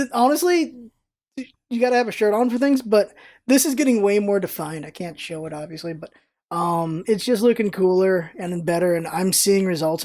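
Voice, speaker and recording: With a mellow, medium-pitched voice, a vlogger chats to camera in a relaxed way, wandering off track and correcting herself along the way.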